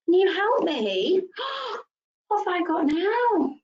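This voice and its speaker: A young woman leading a rhyme time for small children, sing-song and gasping with excitement. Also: very high voice, measured pace. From England. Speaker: early years practitioner. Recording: dull lo-fi home video sound.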